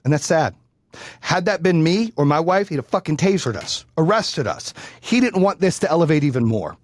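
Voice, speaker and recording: A man's voice: a little high, animated, normal speed, no echo, studio quality. A man hosting a podcast, telling a story in a blunt, profane way that grows heated. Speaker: podcast host. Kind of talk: casual storytelling.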